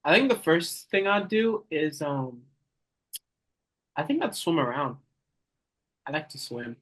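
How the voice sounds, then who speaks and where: Halting, deadpan young man. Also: on the high side, rough recording. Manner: rambling, halting, mock-serious. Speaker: interviewee. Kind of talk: deadpan mock interview.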